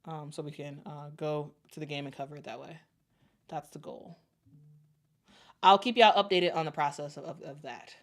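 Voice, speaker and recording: Young female sports streamer, Chicago accent, lowish voice, loose unscripted delivery full of fillers. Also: fairly even intonation. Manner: halting, many fillers and restarts. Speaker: sports show host. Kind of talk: casual livestream chat reading super chats.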